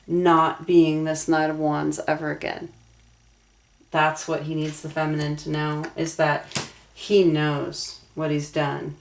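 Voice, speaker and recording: A woman's voice: deep voice, gravelly, a little mellow. A young adult woman giving a tarot reading, earnest and emotionally invested as she talks through the cards aloud. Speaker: tarot reader.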